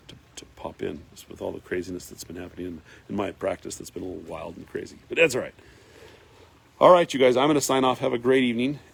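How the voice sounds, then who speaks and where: A man's voice: on the low side, vocal fry, husky. A man hosting a casual live stream from his farm, reading viewer comments aloud and rambling with lots of fillers. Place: farm in Northern California.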